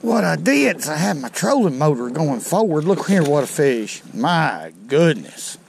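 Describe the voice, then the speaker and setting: Male fishing vlogger, unhurried and folksy, outdoors on a boat with faint background noise. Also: fairly high pitch, vocal fry. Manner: folksy, excitable, talks to viewers as "y'all". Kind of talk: casual on-the-water commentary.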